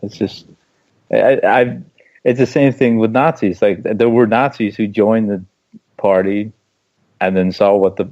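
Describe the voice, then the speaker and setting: A low-voiced man co-hosts a casual talk show and argues his point with passion, circling back and repeating words to hammer it home. The audio is dull and lo-fi, like a home podcast stream. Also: steady tone, measured pace, pauses often. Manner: impassioned, argumentative, repeats phrases for emphasis. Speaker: co-host. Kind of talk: casual political discussion.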